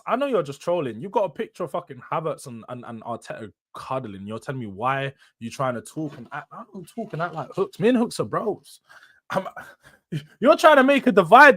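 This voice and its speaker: Animated London man on a live stream. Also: sits high. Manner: animated, slangy, banters with chat. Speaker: host. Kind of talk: casual live-stream football chat.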